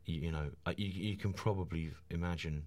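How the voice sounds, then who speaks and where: A stand-up comedian in his forties, guesting on a radio chat show, talks enthusiastically but with halting restarts. His voice is low-pitched and steady, with a slightly mellow quality.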